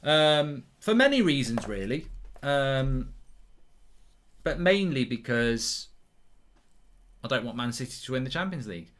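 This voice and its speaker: A man hosting a live football watchalong, chatting casually and answering viewer questions in a lively way and swearing freely. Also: medium pitch, measured pace, long pauses. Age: older than 23. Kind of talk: casual chat.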